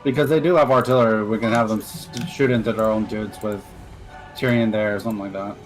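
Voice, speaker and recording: A man giving relaxed, matter-of-fact remarks while playing a co-op strategy game with a friend. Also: fairly low pitch, quick pace, over music, rough recording. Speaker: co-op partner. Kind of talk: casual co-op gameplay chat.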